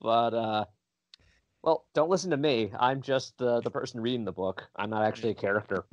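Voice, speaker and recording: A man's voice: medium pitch, a little fast, no room sound, highs cut off. A man co-hosting a casual book-club podcast, making dry, self-deprecating remarks. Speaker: podcast co-host.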